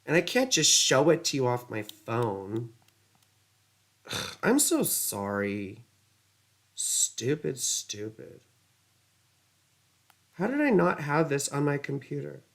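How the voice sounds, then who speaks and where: A woman's voice: low-pitched, very animated, unhurried. A woman astrologer giving a casual astrology lesson, easily flustered, muttering curses and wandering into rambling asides.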